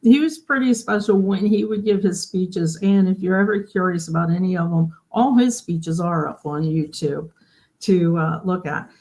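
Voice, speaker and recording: This genealogy livestream host is a woman whose voice is lowish and darkish in tone, delivered at normal speed. The stream is casual, and she chats through her explanations while often checking in with viewers through questions.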